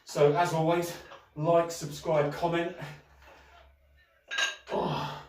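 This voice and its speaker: A man's voice: mid-range voice, moderate pace. Middle-aged man, breezy and chatty, a bit winded, recorded from a distance in a roomy space. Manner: chatty, breezy, mild swearing. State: out of breath between sets. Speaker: fitness vlogger. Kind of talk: casual workout vlog. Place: home gym at dusk. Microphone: camera set up at a distance. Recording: roomy sound from a distant camera.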